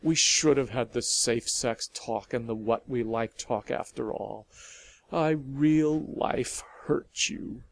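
A man voicing a wounded, blunt older woman in a storybook reading, speaking slowly. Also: mid-range voice, creaky. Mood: hurt. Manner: slow, hurt, blunt.

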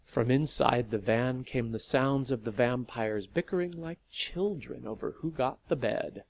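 Slow, measured story narrator. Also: medium pitch, creaky. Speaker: narrator of a serialized audio story. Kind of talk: scripted narration.

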